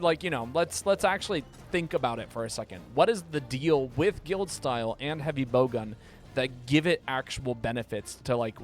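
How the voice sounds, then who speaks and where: A man live-streaming a game, talking casually and playfully, often stumbling and repeating words when excited. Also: mid-range voice.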